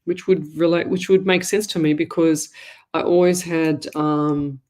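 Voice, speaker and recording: Hosting a live online call-in show as a psychic medium, a woman speaks in a low, unhurried voice with fairly even intonation. Her style is loose, chatty, and rambling, and she warmly calls listeners "lovey."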